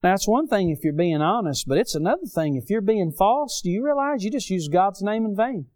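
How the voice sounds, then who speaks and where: A man preaching a sermon, rising loud on key phrases and dropping low for stories. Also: expressive, brisk. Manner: impassioned, swells loud on key phrases then drops low.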